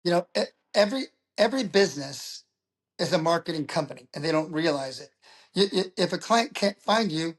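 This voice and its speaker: A middle-aged man, a public speaker, talking as an interview guest and telling stories in a lively way. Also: fairly high pitch, fairly quick. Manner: animated storyteller who acts out quoted voices. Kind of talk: casual interview talk.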